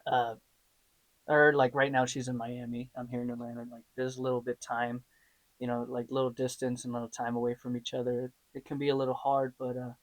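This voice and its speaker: A man's voice: medium pitch, a little fast, dry recording. A man being interviewed, telling stories in a casual way, full of ums and likes, laughing and acting out what others said. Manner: animated, laughing, acts out quoted voices; many fillers like um and like. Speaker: interview guest, stunt performer and actor. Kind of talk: casual storytelling.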